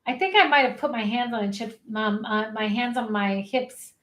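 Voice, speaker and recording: Upbeat female life coach, high voice, encouraging, webcam in an echoey room. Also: normal speed, fairly bright tone. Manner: upbeat, encouraging, leads chanted affirmations. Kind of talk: energetic online coaching session.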